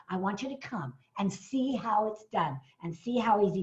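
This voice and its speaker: Woman, speaker trainer on a webinar, slightly hoarse, excitable sales energy, dull lo-fi sound. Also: on the high side, normal speed, few pauses. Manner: excitable, bursts of cheering, frequent fillers. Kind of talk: enthusiastic sales pitch on a video call. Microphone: video call.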